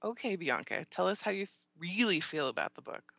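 A woman's voice: fairly low pitch, expressive, a little fast, vocal fry, a bit bright, no room sound, heavily acted. Woman playing a patronizing young woman, sarcastic, audiobook voice, dry sound.

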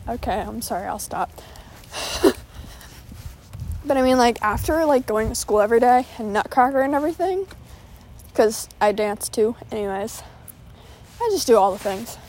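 A woman's voice: a little high, darkish tone. A teenage girl rambling casually in a vlog while walking her dog outdoors, chatty and easily distracted, talking into her phone. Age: teens. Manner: chatty, distracted, quick asides and fillers. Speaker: vlogger. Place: outdoors on a walk.

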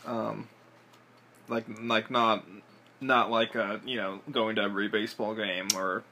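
Male interviewer, bright voice, teasing manner, faint background noise. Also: on the low side, flat delivery, a little slow. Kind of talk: casual interview questions.

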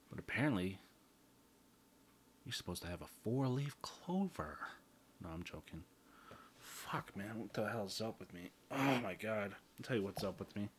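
A man hosting a solo podcast in a rambling, profane way, often mocking himself with quick jokes. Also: fairly low pitch, a little hiss or hum. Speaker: podcast host. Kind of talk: casual solo podcast chat.

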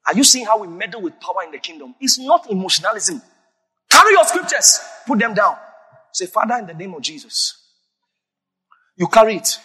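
A man preaching a sermon as a pastor, emphatic and breaking into sudden shouts. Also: high voice, big pitch swings, brisk, long pauses, breathy edge. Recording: long reverb of a large hall.

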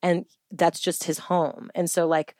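Chatty low-voiced woman. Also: unhurried, dry recording, studio quality. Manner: chatty, many "like" fillers, acts out quotes in lively voices. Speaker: guest. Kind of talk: casual interview chat.

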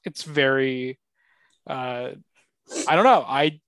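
A podcast co-host on a casual pop-culture show rambles through his points with plenty of filler words and lots of fan enthusiasm. His medium-pitched voice is slow and fairly bright, recorded with no room sound.

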